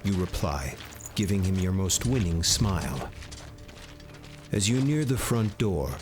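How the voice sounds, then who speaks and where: Low-voiced male story narrator. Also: expressive, over music. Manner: measured, second-person storytelling. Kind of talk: scripted narration.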